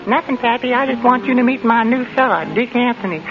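A woman playing a giggly young southern belle daughter with a Southern accent in an old-time radio comedy, squealing and excitable. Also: fairly high pitch, fast, over music, natural voice. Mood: giddy. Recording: muffled old radio broadcast.

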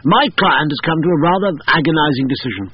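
A man voicing a smooth, ingratiating male barrister with a genteel, clubby manner. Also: a little high, lively intonation, quick pace, no room sound, highs cut off, voice pushed up.

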